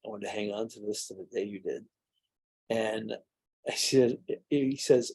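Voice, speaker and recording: In an unhurried, fairly low voice that's darkish and slightly rough, a middle-aged mead maker rambles through anecdotes at a tasting, with fillers and restarts throughout this casual storytelling.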